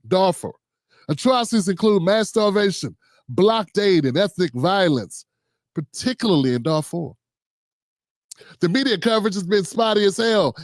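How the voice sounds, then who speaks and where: A male livestream host with a high voice reads out his notes on political commentary and reacts with heated sarcasm. The sound is clean studio quality with no echo.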